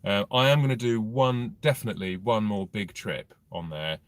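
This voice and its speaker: A man chats through a live Q&A from his car. His voice sits a little low. He wanders off topic often and swears freely, delivering it all with dry, deadpan humour. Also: normal speed, no echo. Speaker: motorcycle vlogger answering viewer questions. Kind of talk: casual live Q&A chat.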